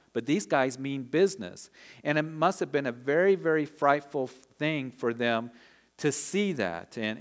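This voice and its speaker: A man preaching an expository sermon, conversational and earnest, acting out quoted lines of dialogue. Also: mid-range voice. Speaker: pastor. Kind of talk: expository Bible teaching.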